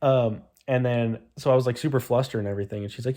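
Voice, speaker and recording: Young man, casual vlog talk, rambling, sweary, self-deprecating, mid-pitched voice. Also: fairly even intonation, fast, mellow. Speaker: vlogger.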